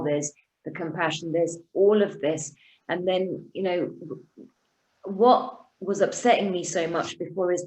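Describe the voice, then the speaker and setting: Earnest woman with a low voice. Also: a little mellow, low-quality recording. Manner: earnest, halting, full of restarts. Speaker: guest. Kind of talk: emotional conversational speech.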